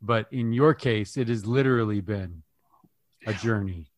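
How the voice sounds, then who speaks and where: A man's voice: on the low side, unhurried, no echo. A man hosting a podcast, asking reflective questions and often restarting his words as he thinks. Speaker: podcast host. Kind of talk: podcast interview.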